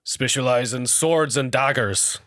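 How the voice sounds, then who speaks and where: A man voicing a gruff, touchy male blacksmith selling blades in a video game, in a curt put-on accent. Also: mid-range voice, steady tone, normal speed, bright, forceful tone, dry recording, studio quality, close to an everyday voice. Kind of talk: improvised game character voice.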